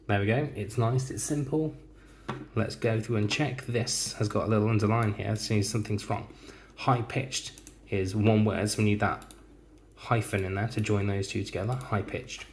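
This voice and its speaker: Male teacher, low-ish voice, slow and deliberate, dictates writing while typing, faint hiss behind. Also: steady tone. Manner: slow, deliberate dictation, speaking punctuation aloud.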